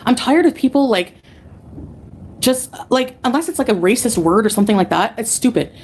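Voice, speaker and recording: A woman's voice: on the high side, expressive, moderate pace, a little mellow, slight background noise. A woman livestreamer ranting angrily at her chat, profane and dismissive.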